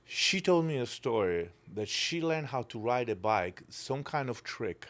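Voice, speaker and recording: A man's voice: medium pitch, lively intonation, a little slow, a bit bright. A middle-aged man with a Polish accent who speaks Polish as his first language, telling stories as a podcast guest in blunt, emotional, broken English with some swearing. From Poland. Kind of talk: casual chat.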